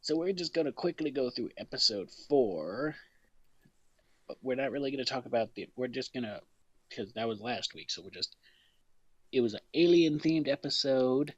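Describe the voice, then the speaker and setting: A man co-hosts a comedic podcast in loose, joking chat. He talks bluntly and teases with plenty of swearing. His voice is a touch husky and moves up and down freely. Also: medium pitch, lively intonation, moderate pace, dry recording, highs cut off. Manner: blunt, teasing and profane. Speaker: podcast co-host.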